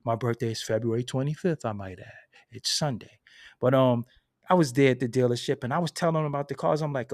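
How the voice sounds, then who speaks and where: A man from Brooklyn with a New York accent, hosting a casual commentary monologue, telling stories in an animated, profane, streetwise way. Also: medium pitch, fairly quick, no room sound, clean studio sound. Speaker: channel host. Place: at home at his computer.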